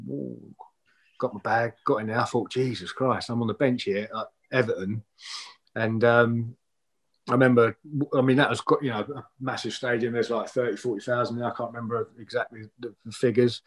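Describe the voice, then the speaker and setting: Male guest, casual chatty anecdotes, mid voice, easy delivery. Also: medium pitch. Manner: relaxed storytelling, many fillers, trailing off softly. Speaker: former footballer, guest. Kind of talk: casual interview chat.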